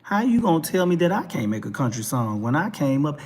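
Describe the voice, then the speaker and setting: A man's voice: a little high, very animated, fairly quick, darkish tone, slightly rough. A man with a Texas twang hosting a talk show, giving a blunt, emphatic and profane ranting monologue that keeps hammering the same points. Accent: Texan twang.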